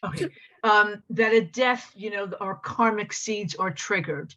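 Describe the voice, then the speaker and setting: A woman asking a question over a video call, hesitant and halting, with many fillers. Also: mid-range voice, pushed and bright. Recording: dull lo-fi video call audio.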